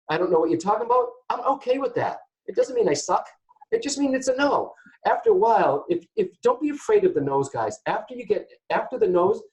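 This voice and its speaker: A man hosting a call-in psychic reading show, chatty and animated, often turning to address his listeners. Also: high-pitched, poor audio. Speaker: psychic medium host.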